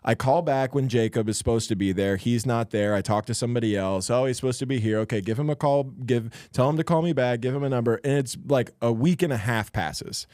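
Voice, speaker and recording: A man's voice: medium pitch, fairly quick, hardly any pauses, darkish tone, no room sound, studio quality. A young man, a stand-up comedian and podcast co-host, telling a long story in casual chat and acting out the other people in it.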